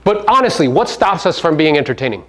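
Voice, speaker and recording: A man's voice: fairly high pitch, very animated, fast. A man giving a live motivational seminar talk to real estate agents, brash and profane, firing rhetorical questions at the audience.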